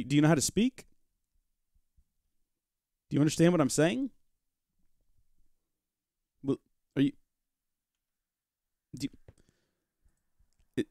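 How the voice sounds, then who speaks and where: Lively, chatty male game streamer. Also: fairly high pitch, no echo, clean studio sound. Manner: chatty, joking asides, talks to chat and his pet rock. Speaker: gaming livestream host. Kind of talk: live Minecraft modpack let's-play commentary.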